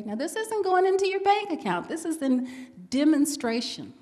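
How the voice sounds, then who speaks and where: A woman's voice: high-pitched, normal speed. A woman minister giving an inspirational talk to a live congregation, telling stories and laughing along with the audience. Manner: animated storytelling, laughing with the audience. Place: large hall with an audience. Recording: long hall reverb.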